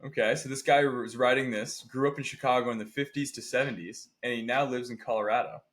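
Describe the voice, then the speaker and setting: Animated man co-hosting a podcast. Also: mid-range voice, fast. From Indiana. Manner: animated storytelling, mimics people he describes. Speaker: podcast co-host. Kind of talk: casual chat.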